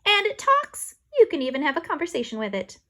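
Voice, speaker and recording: A woman's voice: high voice, wildly swooping pitch, a little fast, sharp tone, voice pushed up, full character voice. A woman voicing a serious, slightly bossy schoolgirl who talks earnestly and huffs. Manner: earnest, huffy, a bit bossy.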